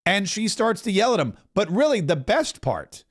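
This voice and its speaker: High-voiced joking podcast host, a man. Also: big pitch swings, normal speed. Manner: joking, rambling, chuckling asides. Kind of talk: political commentary podcast.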